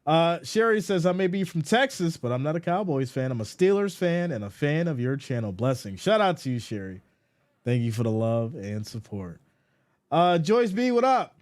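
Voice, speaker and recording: A man with a fairly high voice hosts a casual sports live stream and reads viewer comments aloud. His pitch swings widely as he banters, and he slips into mock exasperation when teased. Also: big pitch swings, moderate pace, darkish tone. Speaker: live stream host reading chat.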